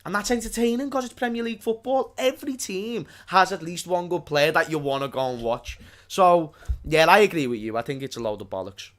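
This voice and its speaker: A man's voice: sits high, brisk, a bit bright. A man co-hosting a casual live stream from his own small studio, laid-back and slangy, swearing casually. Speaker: stream co-host.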